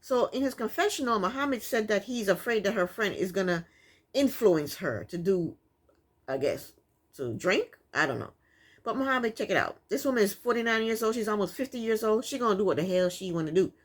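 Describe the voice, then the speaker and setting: Sassy, lively woman recapping reality TV. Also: medium pitch, brisk. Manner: opinionated, sassy and exasperated. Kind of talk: casual commentary.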